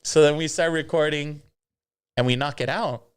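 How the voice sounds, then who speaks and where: Brief: mariachi singer, interview guest, smooth clear tone, lively anecdote teller. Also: male voice, a little high, moderate pace. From Los Angeles. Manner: lively storyteller who acts out quotes and mixes in Spanish. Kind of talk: casual storytelling in an interview.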